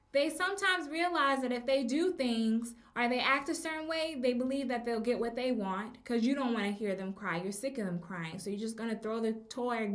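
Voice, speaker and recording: A woman speaks as a teacher hosting a casual advice podcast. Her voice sits a little high, and she talks in a chatty way with frequent ums. She slows down to stress key words. The room has a noticeable echo. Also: fairly bright tone. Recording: echoey room.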